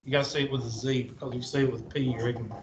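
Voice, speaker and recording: A man's voice: medium pitch, flat delivery, very fast, background noise. A male math teacher, lecturing a class with rambling, sarcastic asides. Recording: echoey classroom from far off.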